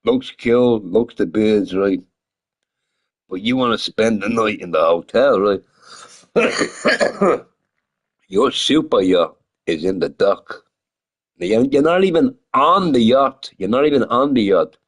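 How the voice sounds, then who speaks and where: Casual male streamer, profane and chuckling, very animated pitch. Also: takes it slowly, pauses often, rough recording. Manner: profane, laughing often, animated rhetorical questions. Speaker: gaming streamer chatting with viewers. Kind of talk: casual rambling chat.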